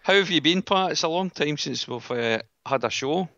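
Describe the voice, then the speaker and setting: Gravelly Scottish man hosting a podcast. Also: fairly high pitch, animated, moderate pace, pushed and bright, dry recording. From Scotland. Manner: chatty, friendly banter. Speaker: podcast host. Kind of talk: casual podcast chat. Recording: dull lo-fi sound.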